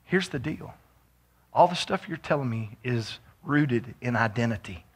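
A man preaching a sermon as pastor, moving from quiet storytelling to shouted exhortation. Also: mid-range voice, animated, unhurried, husky.

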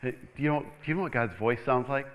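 A man's voice: medium pitch, fast, smooth, poor audio. A male pastor preaching a sermon in a church, calling out "Amen?" to the room, chuckling and repeating words as he builds up. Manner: animated preaching with repeated call-outs for "Amen?".

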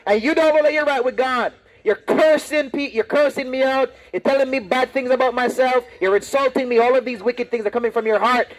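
A man preaching loudly and confrontationally on the street, repeating his lines. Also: extremely high pitch, fairly even intonation, a little fast, few pauses, poor audio. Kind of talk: open-air street preaching. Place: outdoors on a street.

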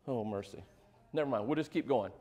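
A man's voice: medium pitch, a little fast, mellow, faint music behind. A male pastor preaching a sermon in a conversational way, with joking asides and frequent questions to the congregation.

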